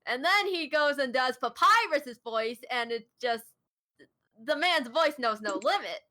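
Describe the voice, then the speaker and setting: Hosting a casual chat, a woman speaks in a fairly high, bright, punchy voice that is expressive and unhurried. She gushes with eager enthusiasm about someone she admires, giggling often like a fan.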